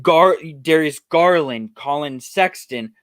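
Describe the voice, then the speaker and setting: A man's voice: a little high, slow, a bit bright, smooth, no echo. Profane, ranting young male sports podcaster. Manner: heated, profane, exasperated ranting. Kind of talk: solo sports podcast rant and roundup.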